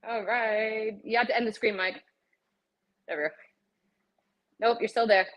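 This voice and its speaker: A woman's voice: fairly high pitch, fairly even intonation, measured pace, low-quality recording. A woman hosting a live shopping stream from her home gym, chatting straight to her viewers and out of breath from a cardio workout. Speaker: livestream host showing fitness products.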